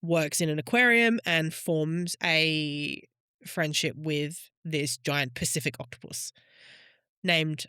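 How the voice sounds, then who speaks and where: Australian woman co-host, chatty and blunt, bright tone, dry recording. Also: sits low, slow, smooth, no room sound. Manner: chatty, swears casually. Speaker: podcast co-host. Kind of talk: casual chat.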